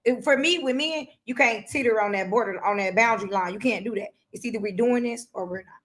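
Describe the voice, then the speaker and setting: A woman's voice: fairly high pitch, fast talker, fairly bright tone. A woman co-hosting a casual podcast chat, blunt and laughing often. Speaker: podcast host.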